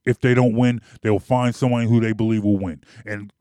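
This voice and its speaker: A man's voice: on the low side, fairly even intonation, fairly quick, mellow, no room sound, clean studio sound. A man delivering an emphatic, argumentative sports opinion monologue. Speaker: sports commentator.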